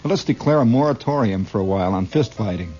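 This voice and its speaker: A man's voice: fairly low pitch, lively intonation, fast, warm tone, muffled recording, soft background music. A middle-aged man performing a comedy monologue as one side of a conversation, talkative and argumentative, stammering and restarting, with chuckles at his own lines.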